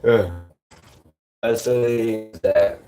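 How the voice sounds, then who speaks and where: A man's voice: medium pitch, steady tone, mellow, slight background noise. A young man talking on a live stream in a loose, rambling way, full of fillers and swearing. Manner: rambling, halting, swears often, many fillers.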